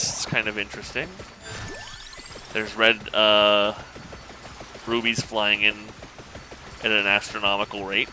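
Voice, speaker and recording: A man casually commenting on his own gameplay, thinking aloud in a relaxed, rambling way. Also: fairly low pitch, a little slow, long pauses, noisy background. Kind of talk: casual let's-play commentary.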